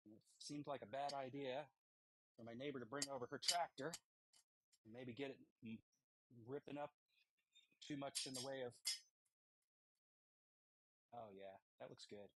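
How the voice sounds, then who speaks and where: A man hosting a live stream from his smithy, chatting casually and rambling with pauses and fillers while he works on a blade. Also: mid-range voice, very noisy. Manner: rambling, thinking aloud between tasks, halting with fillers. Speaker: blacksmith livestream host. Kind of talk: casual chat while forging. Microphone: wireless transmitter mic.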